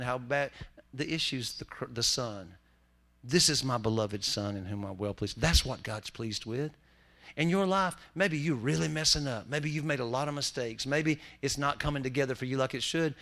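A man preaching a sermon in a church, folksy and full of jokes. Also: mid-range voice. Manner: folksy, joking preacher with lively swings in loudness. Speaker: pastor.

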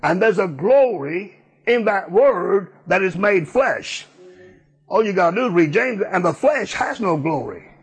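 A man's voice: sits high, expressive, measured pace, husky. A man preaching a sermon, emphatic and repetitive in a folksy way.

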